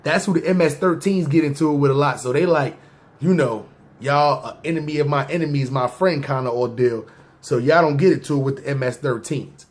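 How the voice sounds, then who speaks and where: A man's voice: a little high, a little fast. Slang-heavy man telling street stories. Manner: loose slang-heavy talk, often addressing listeners as "y'all"; acts out scenes in asides and mock voices. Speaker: podcast host. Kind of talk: casual street storytelling to viewers.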